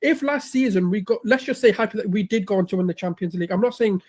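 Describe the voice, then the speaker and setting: A man argues a football opinion in a discussion clip, pushing his point with one hypothetical after another. He talks very quickly in a high voice. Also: darkish tone. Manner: insistent, piles up hypotheticals.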